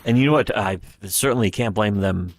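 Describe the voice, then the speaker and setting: A man's voice: lowish voice, moderate pace, no echo. A man giving rambling, profane livestream commentary, retelling scenes with quoted voices. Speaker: streamer.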